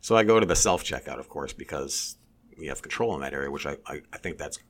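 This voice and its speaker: A man telling a story in casual chat, animated and swearing, mimicking others in a high voice. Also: fast.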